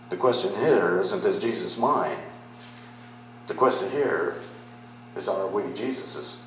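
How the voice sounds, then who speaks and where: Slow, low-voiced pastor in an echoey hall. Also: male voice, a bit bright, slight background noise. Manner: conversational preaching, rising to emphatic declarations. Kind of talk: sermon.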